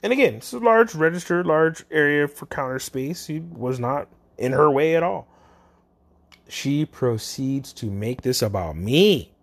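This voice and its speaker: A lively vlogger tells a store story in a casual, chatty way. The voice jumps around a lot in pitch, dropping to low asides and then shooting up for punchlines, all in a steady middle register. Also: a little slow. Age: adult, parent. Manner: animated, swings between mutters and exclaims.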